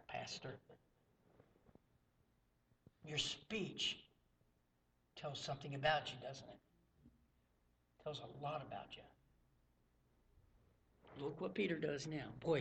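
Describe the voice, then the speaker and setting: A pastor from the American South preaching a dramatic sermon. His voice sits high and bright. He swings between hushed, intimate asides and loud, ringing outbursts. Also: slightly rough.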